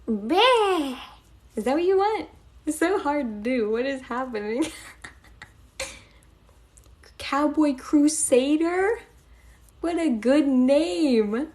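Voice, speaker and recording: A woman's voice: sits high, a little mellow. A young woman live-streaming, chatting casually and giggling as she thanks her viewers.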